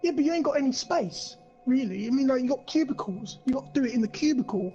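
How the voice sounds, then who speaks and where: A man's voice: extremely high pitch, lively intonation, quick pace, dull audio, music in the background. A young man on a podcast, rambling through a crude story and swearing a lot. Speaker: podcast co-host. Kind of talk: casual chat.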